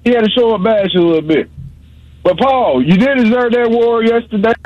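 A man with a very high voice calls in over a dull, dry phone line. He rambles and ribs the host in a joking, teasing way, as casual call-in banter. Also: brisk, no room sound. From South Carolina. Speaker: caller.

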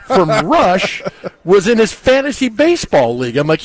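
A man hosting a casual sports talk show, telling stories and acting out quotes with big jumps in pitch. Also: measured pace, pauses often, slight background noise. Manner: animated storyteller, acts out quotes. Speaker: sports radio host.

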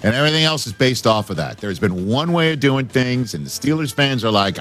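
Animated man hosting sports talk. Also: mid-range voice, a little fast, hardly any pauses, faint music behind. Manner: animated, joking, laughs often. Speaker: sports talk show host.

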